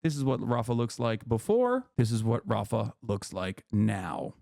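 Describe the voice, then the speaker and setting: A male streamer explaining politics in a heated, animated, profane way. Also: mid-range voice, measured pace, vocal fry.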